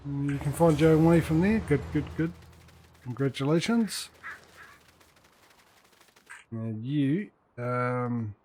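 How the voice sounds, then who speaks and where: In this clip his voice sits on the high side with a dark tone, and he speaks slowly with long pauses. He keeps up casual commentary on the farming game, joking dryly with his in-game workers, with slight background noise.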